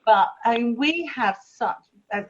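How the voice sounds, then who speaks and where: A woman's voice: a little high, animated, a little slow, lo-fi sound. A woman in her fifties, chatting enthusiastically about old films as a podcast co-host and laughing easily. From England. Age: 50s. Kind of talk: casual chat about films.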